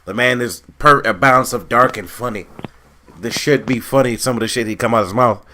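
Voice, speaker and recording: A man's voice: medium pitch, a little fast, pushed and bright, slight background noise. A man co-hosting a casual podcast, dry and laid-back, cursing now and then. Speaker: podcast co-host. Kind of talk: casual chat.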